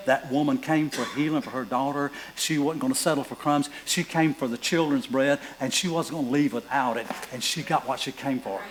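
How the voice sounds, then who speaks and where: A man's voice: mid-range voice, steady tone, fairly quick, hardly any pauses, low-quality recording. Man preaching with a hum behind. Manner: preaching with rising fervor, reading scripture aloud. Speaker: pastor. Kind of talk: sermon.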